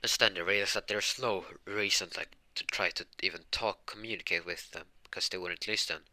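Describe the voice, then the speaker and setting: A man's voice: sits low, fairly even intonation, brisk, pushed and bright. A man telling a fan fiction story casually, rambling and correcting himself as he goes.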